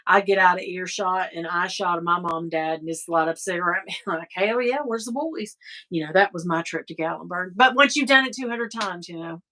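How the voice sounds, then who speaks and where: Middle-aged Southern woman hosting a livestream, bright tone, rambling, casual cursing. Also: fairly low pitch, fairly even intonation, fast, hardly any pauses. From American South. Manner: chatty, rambling, laughs often, swears casually. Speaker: livestream host reading chat. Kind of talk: casual chat.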